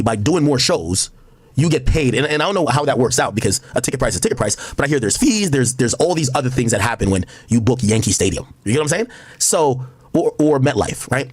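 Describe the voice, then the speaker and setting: Guy ranting on his stream, bouncy pitch, kinda husky, dry close mic. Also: no room sound. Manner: animated, laughing, mimics others in put-on voices. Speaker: livestream streamer. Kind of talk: casual livestream rant.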